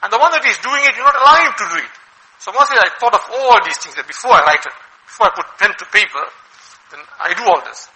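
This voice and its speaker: High, sharp-voiced male preacher. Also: fast, low-quality recording. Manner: animated, asks rhetorical questions, acts out quoted voices. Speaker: Islamic preacher. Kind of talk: sermon.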